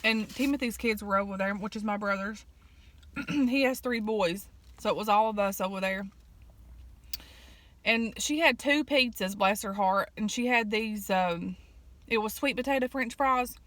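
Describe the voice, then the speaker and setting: A woman, chatting casually and telling family stories in an eat-with-me vlog, folksy, with fillers and throat clearing. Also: mid-range voice, moderate pace, a bit bright, no echo. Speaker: vlogger.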